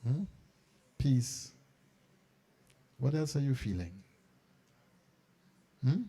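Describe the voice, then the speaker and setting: A middle-aged man, an archbishop speaking to a conference of school principals and leading them through a meditation. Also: medium pitch. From Trinidad and Tobago. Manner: animated and coaxing, then slow and hushed in prayer. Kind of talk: talk guiding a meditation. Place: conference hall.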